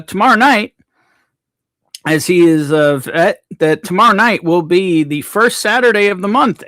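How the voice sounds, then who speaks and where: Greeting viewers one at a time, a livestream host casually reads their names out from the chat. He has a high-pitched, slightly bright voice, captured in a dry, clean studio recording.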